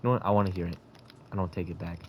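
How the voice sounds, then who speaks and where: A man's voice: low voice, quick pace, noisy background. A man in casual game voice chat, rambling through a crude made-up story with chuckles and restarts. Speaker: gamer telling a story in voice chat.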